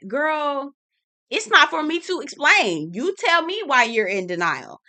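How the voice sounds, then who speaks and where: A woman with a bright, forceful voice runs a chatty recap. She is sassy and teasing and talks straight to her viewers. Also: sits high, moderate pace. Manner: sassy, calls viewers "y'all" and "girl"; laughs and teases, animated. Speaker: reality TV recap host. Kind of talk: chatty commentary video.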